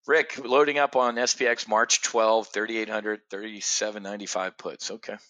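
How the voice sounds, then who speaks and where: Blunt, bright-voiced middle-aged man. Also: lowish voice, steady tone, normal speed. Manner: blunt, profane and emphatic; addresses viewers directly by name. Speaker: trading show host. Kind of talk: live market commentary.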